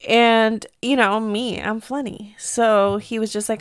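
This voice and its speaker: A woman's voice: medium pitch, steady tone, a little slow, few pauses, clear, resonant tone, dry recording. A woman in her thirties hosting her own podcast, talking candidly and casually with lots of "like". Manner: candid, chatty, heavy use of "like". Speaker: podcast host. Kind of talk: casual chat.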